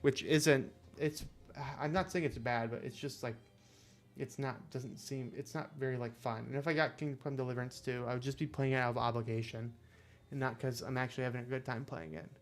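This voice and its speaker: A man's voice: mid-range voice, fairly quick. A young adult man chatting casually while streaming a game; he rambles, leans on fillers, and is self-deprecating. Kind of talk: casual gameplay commentary.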